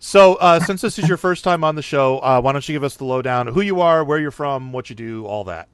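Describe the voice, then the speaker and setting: A man's voice: mid-range voice, lively intonation, brisk, smooth. A man hosting a podcast in casual chat, laughing often and acting out bits of dialogue. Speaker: podcast host.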